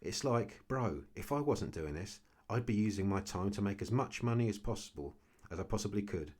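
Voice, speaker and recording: A man's voice: lowish voice, animated, a little fast, a little mellow, husky. A man ranting casually to camera about his investments, blunt and repetitive, often tagging his points with "okay". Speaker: crypto vlogger.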